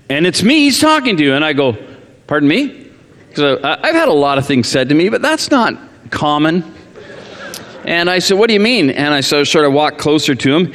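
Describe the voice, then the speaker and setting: A male pastor praying earnestly, then telling a self-deprecating, humorous story from the pulpit. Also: fairly high pitch. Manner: earnest in prayer, animated and self-deprecating in anecdotes. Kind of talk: sermon with prayer and humorous storytelling. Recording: echoey church hall.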